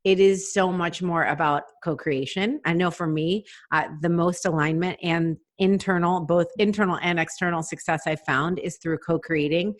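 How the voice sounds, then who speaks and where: A woman's voice: lowish voice, steady tone, normal speed, hardly any pauses. A woman hosting a podcast, enthusiastic and affirming in casual conversation. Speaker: podcast host.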